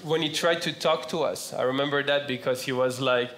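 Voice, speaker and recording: A young man with a French accent doing a stand-up set, playful with deadpan punchlines. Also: medium pitch, fairly quick, heavy background noise. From France. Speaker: stand-up comedian. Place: comedy club stage. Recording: roomy club with loud audience laughter. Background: audience laughter.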